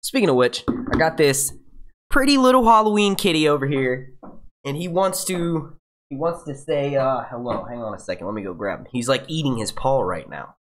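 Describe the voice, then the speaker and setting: A man's voice: medium pitch, expressive, moderate pace, a bit bright, slight background noise. A young man hosting his own live stream, chatting casually and rambling, swearing freely and laughing at his own slips. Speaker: YouTube host.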